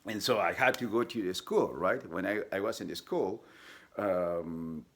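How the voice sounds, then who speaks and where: Guy with a really low gravelly voice telling his life story, lots of uh and restarts. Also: a bit bright, a little hiss or hum. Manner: halting, many fillers and restarts; acts out quoted people with sudden high voices. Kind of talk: personal storytelling.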